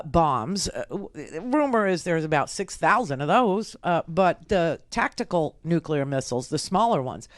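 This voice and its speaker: A woman's voice: fairly low pitch, no room sound, studio quality. A woman hosting political talk radio, brash and emphatic with rambling asides. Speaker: radio talk show host.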